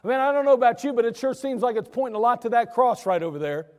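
A man preaching from the pulpit with a high, light voice and a loose, conversational delivery. His words trail off into a long church reverb. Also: fast talker. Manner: conversational, animated storytelling. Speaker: pastor. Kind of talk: sermon. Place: church sanctuary.

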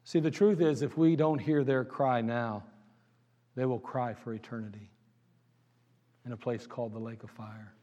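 A man preaching a sermon in a church, asking the crowd question after question and swinging between loud pleading and hushed tones. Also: mid-range voice, fairly even intonation, moderate pace, long pauses, long reverb tail, lo-fi sound.

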